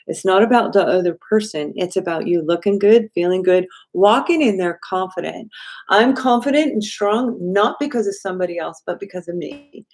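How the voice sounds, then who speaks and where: A woman hosting a live stream as an intuitive card reader, talking straight to her viewers in an animated way and often adding "right?". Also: medium pitch. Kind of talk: live-stream tarot reading.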